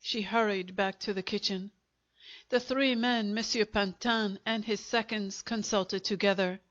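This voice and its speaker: A woman with a medium-pitched voice narrates a short story, reading a script in the measured, even style of an audiobook narrator. The recording sounds dull and lo-fi.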